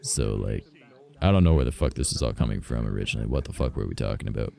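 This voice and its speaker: A man's voice: rumbling low, lively intonation, quick pace, vocal fry, darkish tone. A man from Canada, a streamer, rambling through a story in casual chat and swearing freely. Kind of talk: casual chat while gaming.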